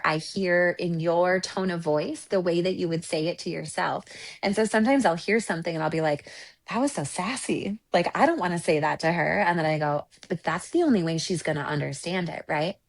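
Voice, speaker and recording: Reflective woman coach, slightly low voice. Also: creaky. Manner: reflective, earnest, often ending points with "right?". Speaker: relationship coach and Reiki practitioner. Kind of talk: conversational interview storytelling.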